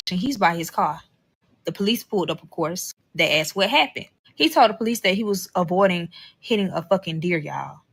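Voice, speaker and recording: A woman's voice: on the low side, pushed and bright, breathy edge. Blunt, cursing young woman telling her story. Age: young adult. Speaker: storyteller in a social media clip. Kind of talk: casual storytelling. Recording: played from a social media clip.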